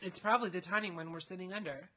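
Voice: medium pitch, very fast, pushed and bright. A co-host trading sarcastic, joking quips while a story is read aloud. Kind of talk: casual chat about a gamebook.

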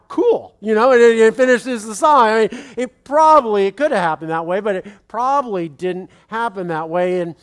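A man in his thirties preaching in a relaxed, conversational way, rambling with many restarts and asides. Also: high-pitched. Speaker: pastor. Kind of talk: conversational sermon.

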